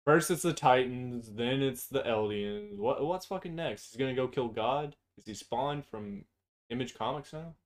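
A man's voice: medium pitch, expressive, normal speed. A man co-hosting a casual chat, blunt and profane, opinionated and prone to long tangents. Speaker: podcast co-host.

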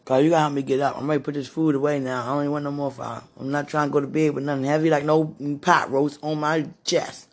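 A woman with a hoarse, husky voice, worn from preaching and crying, talking casually to God in a prayerful monologue and calling out to him between sentences. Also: deep voice, little pitch movement, quick pace, hardly any pauses, a little mellow. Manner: talks to God aloud, breaks into moans and exclamations. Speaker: street preacher.

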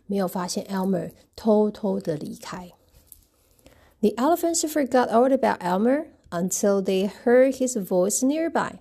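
Woman reading a children's book aloud, gravelly, husky, dark tone. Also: mid-range voice. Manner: gentle, expressive, retells each page. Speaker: storybook reader. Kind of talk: bilingual picture book read-aloud.

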